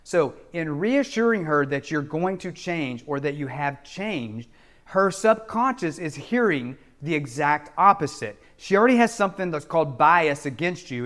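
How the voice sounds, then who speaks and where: A man's voice: fairly high pitch, expressive, normal speed, a bit bright. A middle-aged man giving relationship coaching straight to camera, in an emphatic, repetitive, preacherly manner. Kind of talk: direct-to-camera advice talk.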